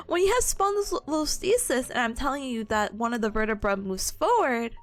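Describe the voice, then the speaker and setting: A high-voiced young woman with a hoarse, worn-out voice talks through her study notes. She is bubbly and chatty and giggles easily. Faint music plays in the background. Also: lively intonation, fairly quick. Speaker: streamer reviewing study notes. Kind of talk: casual study stream.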